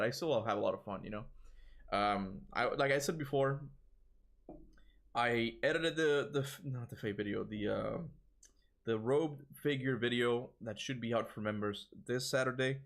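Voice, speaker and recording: A young man with a Toronto accent chatting casually on a livestream, tired, rambling and restarting his words with frequent chuckles. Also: mid-range voice. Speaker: gaming streamer.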